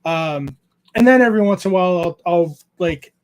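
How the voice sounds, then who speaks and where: A man in his thirties with a fairly high voice hosts a casual creator chat. He talks in a laid-back way, swears freely and laughs often as he tells stories about home. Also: animated, fairly quick, clear, resonant tone. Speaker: podcast host interviewing a YouTuber.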